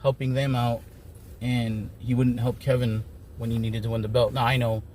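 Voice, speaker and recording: A man's voice: mid-range voice, level tone, moderate pace, darkish tone, a little hiss or hum. A man giving a casual, rambling recap of wrestling shows as an enthusiastic fan. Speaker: wrestling commentator.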